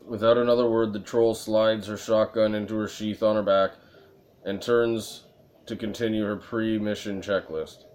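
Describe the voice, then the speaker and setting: A man playing a video game and reading its dialogue aloud, with a sore throat from reading, and sometimes breaking into loud, exasperated rants. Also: on the low side, moderate pace, a little hiss or hum. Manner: reads flatly, then bursts into loud exasperated ranting. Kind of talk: let's play narration, reading text aloud.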